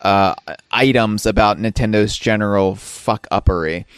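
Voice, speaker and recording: A man's voice: fairly low pitch, fairly even intonation, unhurried, smooth, dry recording. A man co-hosting a podcast in casual chat, wry and sarcastic. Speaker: podcast co-host.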